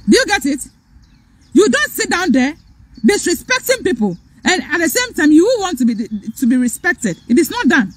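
A woman's voice: very high-pitched, big pitch swings, normal speed. A Ghanaian woman hosting a live stream, lecturing fiercely and repeating her points. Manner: fiery, lecturing, repeats phrases, switches between English and Twi. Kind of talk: impassioned live-stream rant.

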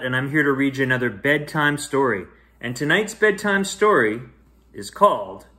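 Slow, gentle man reading a bedtime story. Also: fairly high pitch. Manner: gentle, expressive reading with sing-song rises and hushed drops. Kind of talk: bedtime story read-aloud.

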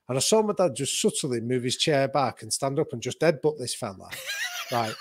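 A man's voice: mid-range voice, brisk. A man, a podcast guest telling a story and acting out the quoted voices. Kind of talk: storytelling in conversation.

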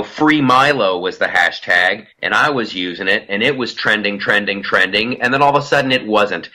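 A man hosting a casual political podcast, animated and profane as he rants. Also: lowish voice. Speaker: podcast host.

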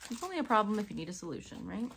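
A woman who owns a crystal shop, gushing over her unboxing in a casual vlog and often dropping into a hush. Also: mid-range voice, big pitch swings, very fast, very noisy. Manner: gushing, breathy exclamations, drifts into whispers.

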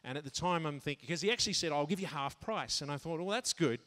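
A man telling a personal story in a sermon to a men's conference, animated, jumping high when he acts out his own thoughts and laughing at himself. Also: quick pace. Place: large conference hall. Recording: long hall reverb.

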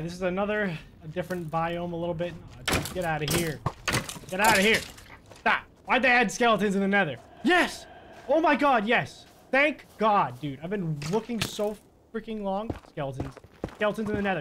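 A young man giving excitable live commentary while playing a video game, muttering one moment and yelling the next. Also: high voice, noisy background. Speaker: gaming YouTuber.

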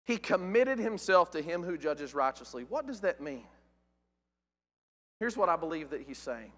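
A man preaching a sermon in a church, animated, asking the congregation rhetorical questions. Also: fairly high pitch, normal speed, long pauses. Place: church auditorium. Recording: long hall reverb.

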